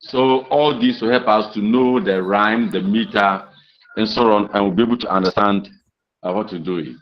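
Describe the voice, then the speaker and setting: A man lecturing a class on poetry, speaking deliberately and often repeating phrases to drive a point home. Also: lowish voice, slight background noise. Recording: roomy, dull lo-fi sound.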